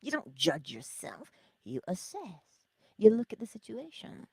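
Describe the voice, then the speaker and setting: A middle-aged woman hosting a spiritual self-help livestream, talking casually and animatedly, jumping from loud exclamations to whispers. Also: medium pitch, huge pitch swings, a little slow, husky, dry recording. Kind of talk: casual motivational talk.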